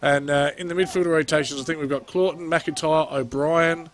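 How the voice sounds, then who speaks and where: A man's voice: a little high, a little fast, slight background noise. A man with an Australian accent calling a local football game play by play, chatty and jokey. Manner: chatty, jokey, excitable on goals. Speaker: play-by-play commentator. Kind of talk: amateur sports commentary.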